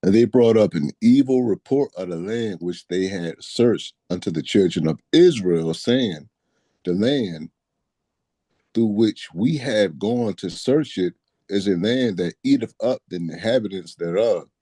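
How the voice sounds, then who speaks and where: A man slowly reading scripture aloud in a measured way during a Bible study. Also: on the low side, animated, warm tone, no echo. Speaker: scripture reader.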